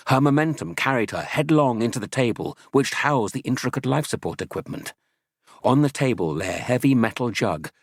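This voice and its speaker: A man narrating an audiobook in a steady, dramatic storytelling manner, close to a studio mic. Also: on the low side, slightly rough, no room sound.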